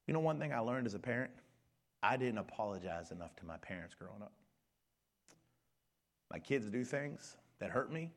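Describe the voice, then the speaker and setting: A middle-aged male pastor preaching a sermon with passion, dropping to hushed near-whispers and rising to shouts. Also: fairly low pitch.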